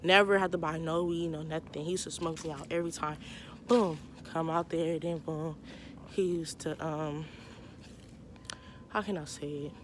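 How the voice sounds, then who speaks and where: A woman's voice: sits low, steady tone, normal speed, a little hiss or hum. A young woman tells a casual storytime, animatedly acting out both sides of the dialogue. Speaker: vlogger telling a personal story.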